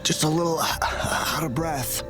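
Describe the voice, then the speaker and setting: Hurt game soldier, breathy and low, short gasping phrases. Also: female voice, music in the background. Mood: pained. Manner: halting, breathy. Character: wounded young female soldier, brave. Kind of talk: video game voice acting.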